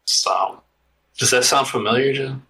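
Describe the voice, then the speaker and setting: A man's voice: mid-range voice, a little slow, vocal fry, bright, forceful tone, rough recording. A man co-hosting a podcast in laid-back, casual chat, often hesitant with fillers. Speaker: podcast co-host.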